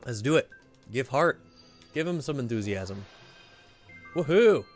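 A man's voice: medium pitch, expressive, a little slow, soft background music. A man hosting a blind let's play, giving casual gameplay commentary with playful, joking asides.

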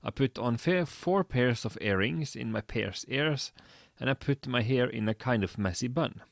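Deadpan man reading aloud, dry sound. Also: medium pitch, normal speed, creaky, no room sound. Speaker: reader. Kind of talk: comedic dramatic reading of fan fiction.

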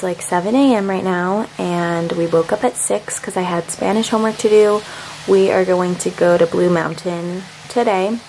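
A woman's voice: on the low side, darkish tone, slight background noise, rough recording. A woman of twenty-one chatting casually to her camera as a vlogger, often laughing. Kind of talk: casual vlog chat.

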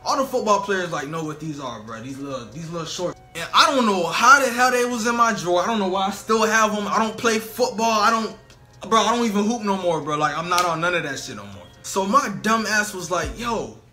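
A man's voice: sits high, lively intonation, a little fast, sharp tone, faint music behind. A young man telling a funny storytime vlog in slangy casual talk, full of "bro" and "you know what I'm saying". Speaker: storytelling vlogger.

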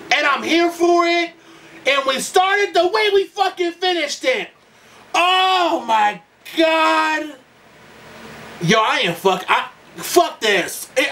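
A man with a high, wildly swooping voice gushes over a music video in a camp, sassy way, shouting and swearing as he reacts. He sits some way back from the mic, and the video's music plays clearly behind him. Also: distant mic. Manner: loud, gushing exclamations and frequent profanity. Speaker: YouTube reactor. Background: music video playing.

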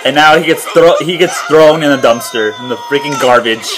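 A man's voice: fairly high pitch, moderate pace, poor audio. A man giving casual reaction commentary on a cartoon, laughing often and exclaiming again and again. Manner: frequent laughter and repeated exclamations of wow. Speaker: reaction video host. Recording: music playing behind.

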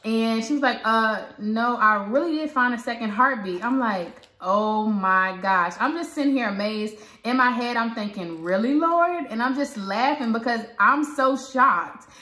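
A woman vlogger with a Southern American accent, chatting and retelling a story with lively quoted dialogue. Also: fairly high pitch, moderate pace, hardly any pauses. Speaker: parenting vlogger. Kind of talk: casual storytelling. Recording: echoey room.

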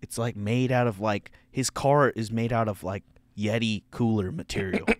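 A young male comedian and podcast host telling a story loudly, with profanity and laughter. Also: lowish voice, steady tone, normal speed, dry recording.

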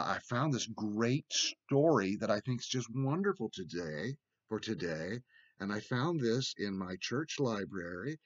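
A man giving a children's sermon in gentle, simple words, reading a storybook aloud. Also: fairly low pitch, no room sound, lo-fi sound. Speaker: church children's sermon leader. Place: church, recorded remotely.

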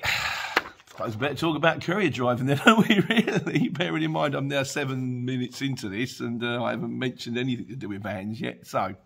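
A man, talking in a loose, rambling way on his vlog. His voice is husky and a bit breathy, and it sits at an ordinary middle pitch. He drifts between stories and viewer comments and laughs as he goes. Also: a bit bright. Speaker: courier driver vlogger. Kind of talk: casual chat. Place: dim room at home.

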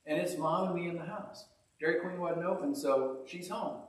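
A man's voice: fairly high pitch, moderate pace. A man preaching a casual, conversational sermon, telling stories with a folksy, self-deprecating manner. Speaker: pastor. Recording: echoey church hall, mic at a distance.

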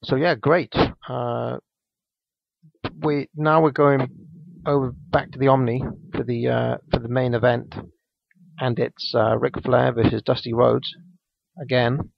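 Gravelly man recapping casually. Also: medium pitch, little pitch movement, a little slow, dry recording. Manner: rambling with frequent ums and restarts. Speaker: podcast co-host. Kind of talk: casual wrestling recap chat. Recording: dull, lo-fi dry podcast mic.

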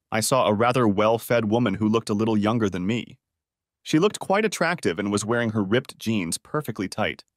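A man narrating a first-person revenge story for an audiobook, in a calm, cold, matter-of-fact manner. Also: fairly low pitch, no echo, studio quality.

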